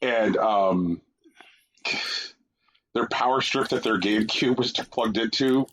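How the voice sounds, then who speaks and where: A man co-hosting a podcast in casual chat, making wry, deadpan jokes and swearing. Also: on the low side, slow. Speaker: podcast co-host.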